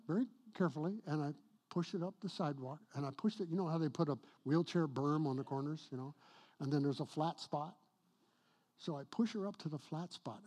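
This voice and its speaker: Middle-aged preacher guy telling a story in his sermon, kinda raspy, goes hushed then loud. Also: on the high side. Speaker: pastor.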